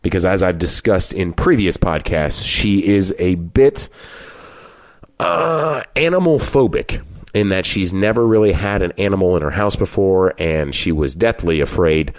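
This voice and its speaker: A man's voice: sits low, lively intonation, unhurried, no room sound, studio quality. An American man hosting a wrestling podcast, announcing with a wry showman's flair and chatting casually with a guest in a home. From United States. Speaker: podcast host. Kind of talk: podcast introduction and casual interview. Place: a private home.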